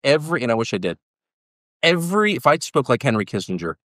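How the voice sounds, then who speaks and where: A man's voice: medium pitch, sing-song, quick pace, a bit bright, dry recording, clean studio sound. An American man as the guest in a heated political conversation, talking in an emphatic, combative way and repeating his points for stress. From United States. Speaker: interviewee.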